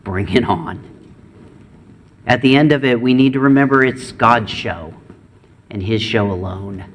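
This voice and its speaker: A middle-aged man preaching a sermon, earnest, moving between raised and hushed delivery. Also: medium pitch, steady tone, normal speed. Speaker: pastor.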